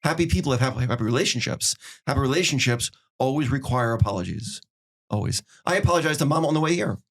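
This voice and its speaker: A man's voice: mid-range voice, animated, fast talker. A middle-aged man hosting a podcast, giving earnest relationship advice in casual chat and acting out small dialogues. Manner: earnest, acts out little dialogues. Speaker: podcast host.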